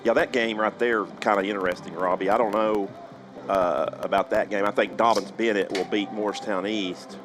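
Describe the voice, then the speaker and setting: A man giving relaxed pregame football commentary, full of hedges and fillers. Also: on the low side, moderate pace, music in the background, low-quality recording. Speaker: color commentator. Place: outdoors at a football field.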